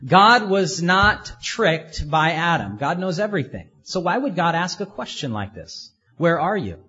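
A man's voice: fairly high pitch, very animated, measured pace, pushed and bright, breathy edge, muffled recording, faint music behind. A man preaching a sermon in an earnest way, asking his listeners many rhetorical questions.

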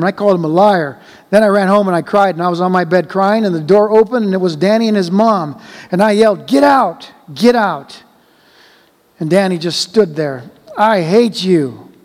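High-voiced man reading a story gently. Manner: slow, gentle, measured reading. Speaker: reader. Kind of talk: reading a child's story aloud. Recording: long hall reverb.

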